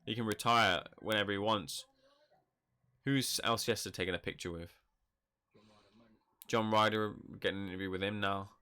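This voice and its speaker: A man hosting a live boxing reaction stream, talking in a chatty, rambling, animated way. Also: on the low side, moderate pace, pauses often, clear, resonant tone. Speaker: boxing channel host. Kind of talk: live fight reaction commentary.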